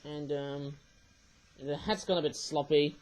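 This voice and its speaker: An older man in his sixties talks through an unboxing in a high, croaky voice. He rambles and throws in jokey asides as he goes. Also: fairly even intonation, unhurried, a little mellow, slight background noise, rough recording. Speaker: toy channel host. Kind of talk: chatty unboxing commentary.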